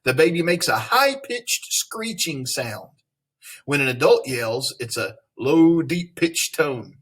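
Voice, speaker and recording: A man with a slightly husky voice reads a science text to his class. He pauses for friendly questions and jokes with the students as he goes. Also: a little high, big pitch swings, fairly bright tone. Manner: friendly, playful asides to students. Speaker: teacher. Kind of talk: recorded classroom lesson reading aloud.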